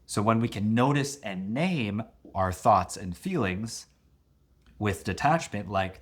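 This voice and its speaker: A middle-aged man explaining relationship conflict as a coach, lively and expressive, often acting out what partners say. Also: measured pace, slightly rough. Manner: animated, acts out quoted voices with big pitch jumps. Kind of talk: teaching talk to camera.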